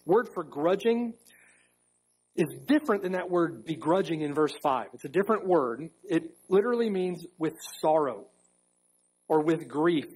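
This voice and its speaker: A male pastor delivers a sermon in a church with a high, husky voice. He preaches emphatically, repeating key phrases and drawing out words for weight. His delivery swings between pointed questions and firm answers. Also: expressive, moderate pace, darkish tone, rough recording. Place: church sanctuary.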